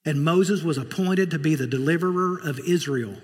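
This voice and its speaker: A man preaches a conversational sermon, slipping in joking asides and plenty of fillers. His voice sits a little high and sounds husky. The church around him carries a long, lingering reverb. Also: moderate pace. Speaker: pastor. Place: church sanctuary. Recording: long reverb of a large room.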